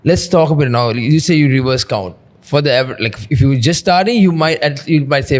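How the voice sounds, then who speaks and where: A man's voice: a little high, brisk, few pauses. A man hosting an interview, asking long, wandering questions and agreeing often. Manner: frequent agreeing backchannels, rambling questions. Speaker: podcast host, interviewer. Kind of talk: conversational interview.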